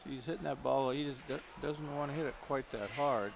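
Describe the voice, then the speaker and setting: A man's voice: mid-range voice, brisk, gravelly, slight background noise. A man commentating a pool match live, analyzing each shot and thinking aloud, often trailing off mid-sentence.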